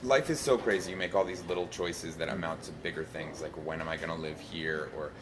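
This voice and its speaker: A man, an actor, answering interview questions with quick jokes and easy banter. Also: very deep voice, steady tone. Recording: noisy background ambience.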